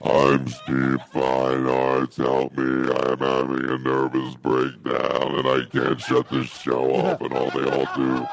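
A man on a comedy podcast putting on a slow, deep-voiced man who pleads and whines through a pitch-lowering voice changer. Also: completely flat delivery, vocal fry, full character voice. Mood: pleading. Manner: slow, dragging, whiny pleading. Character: slowed, deep-voiced man mocked as falling apart.

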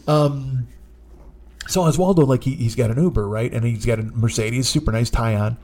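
A man hosting a podcast, telling a comic story in a profane, rambling, animated way. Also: medium pitch, normal speed. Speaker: podcast host.

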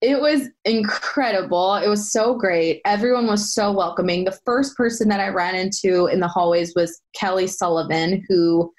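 Animated young woman telling stories. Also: medium pitch, moderate pace, hardly any pauses. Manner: animated, jumps into excited quoted voices. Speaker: guest, former soap actress. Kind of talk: casual interview storytelling.

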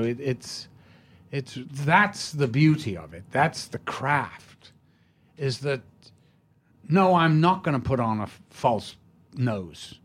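An older man from England, a guest in an interview, telling stories in an animated way. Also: on the high side. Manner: animated storyteller, acts out quotes. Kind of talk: anecdotal interview chat.

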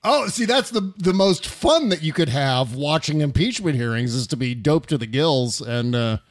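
A man's voice: on the high side, expressive, moderate pace. A male podcast host in a casual interview, joking and swearing freely.

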